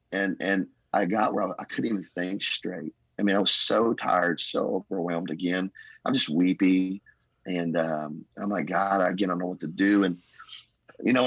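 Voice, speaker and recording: Deep husky-voiced pastor, folksy and earnest. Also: male voice, a bit bright, dry recording, rough recording. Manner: earnest, rambling, folksy testimony with 'man' fillers. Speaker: pastor, podcast guest. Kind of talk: casual conversational storytelling.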